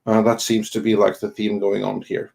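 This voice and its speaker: A man co-hosting a casual live stream, reading viewer messages aloud in a halting way with many ums and restarts. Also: lowish voice, completely flat delivery, gravelly, a little mellow. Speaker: co-host of an online entertainment news show.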